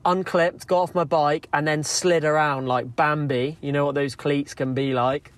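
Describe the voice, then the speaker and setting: A man sending in a story, told lively and acting out what people said. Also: a little high, moderate pace. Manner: lively storyteller, acts out quotes. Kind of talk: recorded voice note story.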